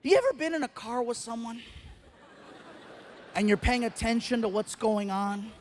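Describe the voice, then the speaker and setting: A male stand-up comedian with a fairly high voice tells a story on stage before a live audience. He is animated and acts out each scene as he goes, with a faint hiss in the background. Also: moderate pace. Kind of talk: stand-up routine.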